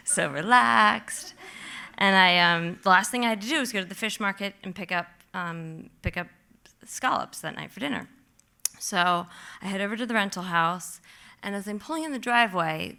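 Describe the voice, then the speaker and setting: A woman tells a true story live on stage in a bright, clear voice. She talks in an animated rush, full of "like", and throws herself into the moments she relives. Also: medium pitch. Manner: animated, vivid, heavy use of "like"; acts out her own past panic in quotes.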